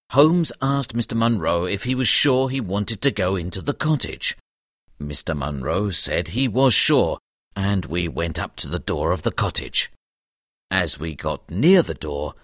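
Narrator companion read by a man, very deep and lively, dry audiobook. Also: measured pace, no echo, full character voice. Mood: narrating. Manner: expressive storytelling narration. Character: detective's companion narrating the story.

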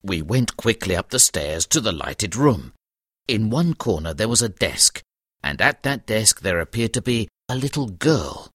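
A man narrating a detective story as the detective's companion, in an expressive storytelling manner. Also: lowish voice, unhurried, breathy edge, no room sound, studio quality, heavily acted. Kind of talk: audiobook narration.

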